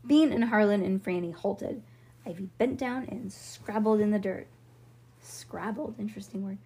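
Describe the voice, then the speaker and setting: Mellow, breathy woman reading a kids' book. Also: medium pitch, moderate pace. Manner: casual, with slips and asides. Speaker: reader. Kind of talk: reading a children's book aloud.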